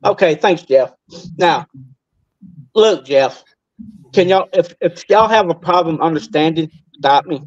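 A man, a guest who talks fast and stays insistent but polite in a heated online debate. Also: fairly high pitch, no room sound, lo-fi sound.

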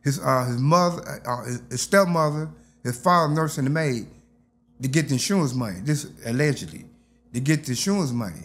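Here a man from Detroit recounts a story during an interview in relaxed, everyday speech. His pitch is medium and his pace fairly quick, and he animatedly acts out what others said.

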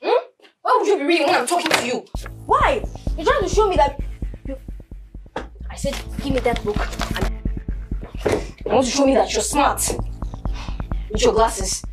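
A woman's voice: high voice, lively intonation, normal speed, long pauses, music in the background. An actress playing a spiteful teenage girl who curses and mocks her sister, stammering when worked up. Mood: mocking.

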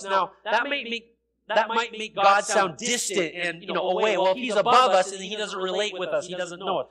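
A man with a high, light voice preaches a sermon in a church, explaining patiently and then pressing hard on his key points until he is almost shouting. The recording is poor, with the murmur of a congregation behind him. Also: brisk. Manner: explanatory teaching with repeated phrases and fillers. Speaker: pastor. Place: church sanctuary. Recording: noisy sanctuary recording with crowd sound, poor audio.

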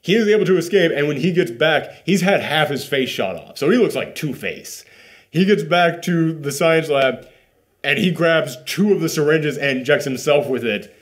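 A man's voice: fairly high pitch, moderate pace. A man hosting a casual spoiler review, telling the plot with lots of "like" and acted-out bits. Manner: animated storytelling, many "like" fillers. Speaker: movie reviewer host.

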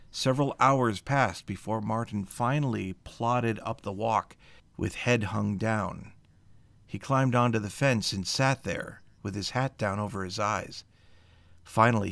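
A man reads a scripture history account aloud, steady and measured like a storyteller. His voice sits fairly low. The sound is dry and close, with no room around it. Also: creaky, dry recording. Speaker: co-host of a scripture study show.

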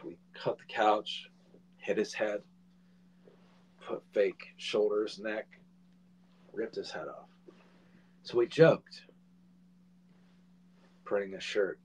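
A man in his forties, a filmmaker guest, telling a casual anecdote in an animated way and swearing freely. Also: fairly low pitch, slow, pauses often, slight background noise, poor audio.

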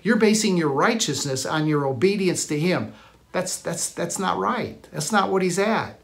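Male pastor, live-streamed sermon, emphatic repetitive delivery, a bit high-pitched. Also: lively intonation, moderate pace, gravelly. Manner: emphatic preacher, repeats key phrases, frequent restarts.

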